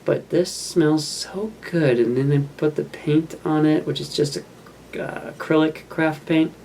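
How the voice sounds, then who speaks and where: A gravelly, fry-edged voice that wanders through loose, self-mocking commentary as a film plays, fiddling with a model kit between remarks. A faint hiss of noise sits under it. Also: medium pitch, steady tone, measured pace, a little mellow. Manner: rambling, self-mocking, offhand. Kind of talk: casual running commentary over a film.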